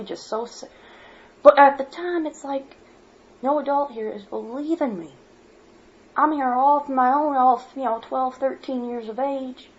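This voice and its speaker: A woman from Michigan giving a worked-up personal monologue as a vlogger, blunt and swearing freely. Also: high-pitched. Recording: dull lo-fi home recording.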